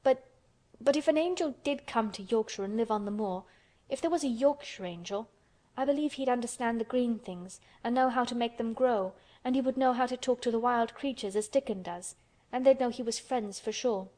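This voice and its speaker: A woman's voice: fairly high pitch, normal speed, dark tone, close to an everyday voice. A woman voicing a stubborn young orphan girl who talks in a frank, earnest, matter-of-fact way.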